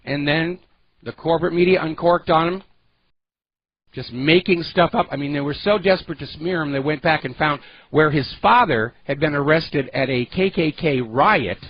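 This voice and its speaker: A man's voice: on the high side, breathy edge, dull audio. A man hosting a political talk radio show, delivering an opinionated, sarcastic monologue with heavy emphasis.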